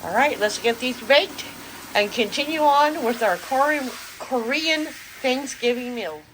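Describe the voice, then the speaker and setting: A woman's voice: high voice, expressive, unhurried, fairly bright tone, a little hiss or hum. Middle-aged woman, home cooking vlog host, enthusiastic casual chatter. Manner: chatty, enthusiastic, talks with mouth full. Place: home kitchen.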